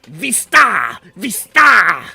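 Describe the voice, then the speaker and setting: A man doing a shouting bone devil general. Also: sits high, huge pitch swings, extremely slow, creaky, voice pushed up, exaggerated voice. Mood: commanding. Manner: shouted orders in a made-up tongue. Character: barking male bone devil general in a cap.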